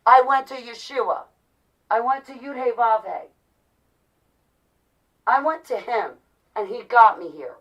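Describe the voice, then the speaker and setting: A woman in her forties speaks straight to her viewers in a heated, exasperated monologue. She repeats herself as she pleads and complains. Her voice sits fairly high, and she is a little far from the microphone. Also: unhurried, long pauses, fairly bright tone. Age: 40s. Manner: exasperated, ranting, repetitive pleading. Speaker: vlogger.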